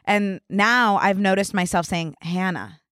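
A woman's voice: fairly low pitch, animated, brisk, no room sound. Chatty young woman on a dry studio mic. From Philadelphia area. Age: 20s. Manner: chatty, lots of fillers like "like". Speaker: podcast co-host. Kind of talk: casual chat.

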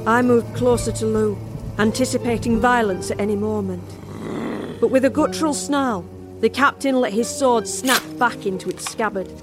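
A woman's voice: a little high, normal speed, natural voice. A woman narrating a first-person horror tale as a barmaid in an audio drama. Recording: music score underneath.

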